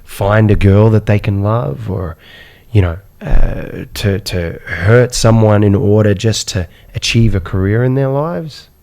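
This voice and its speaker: A man telling his life story as a podcast guest, animated, with repeated words and rhetorical questions. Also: lowish voice, a little slow, creaky. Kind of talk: personal storytelling in a podcast interview.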